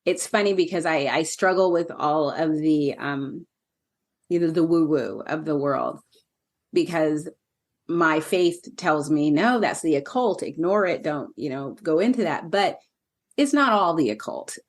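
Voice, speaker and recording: A woman hosting a podcast, talking in a relaxed, reflective way. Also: low-pitched, unhurried. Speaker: podcast host. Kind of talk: casual podcast conversation.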